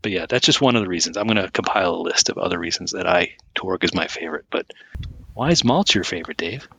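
A man's voice: low voice, expressive, fast talker, gravelly, bright, forceful tone, husky, no echo. A man co-hosting a podcast, chatting casually with a dry, teasing manner. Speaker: podcast co-host. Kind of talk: casual chat.

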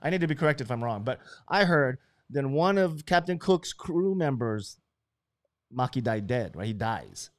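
A man from Hawaii hosts a loose, profane chat. He speaks at an ordinary middle pitch and breaks into loud, animated bursts. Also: moderate pace, no room sound. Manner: brash, swearing, animated bursts. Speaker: host.

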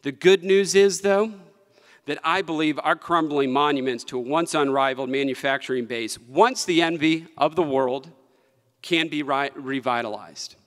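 A man's voice: a little high, moderate pace. Impassioned man at a podium. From West Virginia. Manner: impassioned, emphatic, with repetition for effect. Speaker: state treasurer. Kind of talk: political conference speech. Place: large conference hall. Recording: long hall reverb from a conference room.

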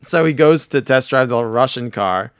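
A man with a hoarse, failing voice, casually recapping a cartoon episode with laughs and restarts. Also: medium pitch, animated, normal speed, dry recording. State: hoarse, losing his voice. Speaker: podcast host. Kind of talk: casual chat.

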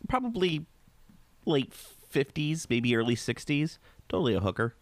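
A man's voice: mid-range voice, a little slow, no room sound. Joking, rambling Midwestern man. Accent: American Midwest. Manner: rambling storyteller, animated and joking. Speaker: podcast co-host. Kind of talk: casual chat.

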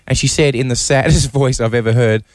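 Young guy on radio, talks super fast, rambly stories, dry close mic. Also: mid-range voice, steady tone, a little mellow, dry recording. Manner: rapid, rambling storyteller with restarts. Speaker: radio co-host. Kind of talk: casual banter on radio.

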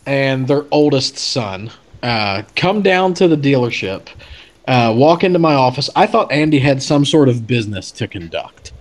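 A man telling a story in a casual chat, chatty with many fillers and restarts. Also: mid-range voice. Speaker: podcast guest telling a story.

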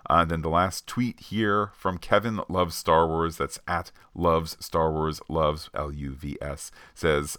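A man with a very low voice co-hosts a podcast and works through listener tweets with the odd filler. His voice sits close and dry, with no room around it. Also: fairly even intonation, measured pace, hardly any pauses, sharp tone, no echo. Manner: reads off a list with frequent uh fillers. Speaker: podcast co-host.

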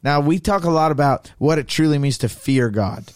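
Brief: young man, podcast co-host, lively retelling, slightly high, dry sound. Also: normal speed, dry recording. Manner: animated retelling with laughs. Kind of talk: casual Bible study chat.

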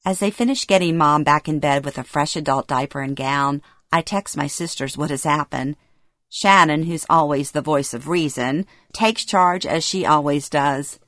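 Middle-aged woman, memoir reading, present-tense storytelling, lowish voice, dry close sound. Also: normal speed, fairly bright tone, no echo. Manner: present-tense storytelling, emotional acted dialogue. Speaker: memoir narrator. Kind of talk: first-person memoir reading.

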